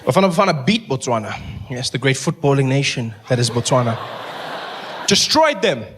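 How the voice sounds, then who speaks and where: A man with a South African accent performing a stand-up comedy routine, acting out characters in quick voices. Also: mid-range voice, sing-song, a little hiss or hum. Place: stage in front of a live audience.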